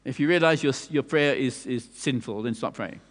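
A man's voice: mid-range voice, normal speed. Earnest preacher man in a reverberant hall. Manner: earnest, repeats words while preaching. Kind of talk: sermon.

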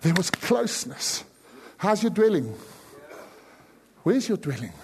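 A South African man preaching a sermon as pastor, dropping to hushed pleading and then rising to sudden loud cries. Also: high voice, animated, normal speed, husky, long reverb tail.

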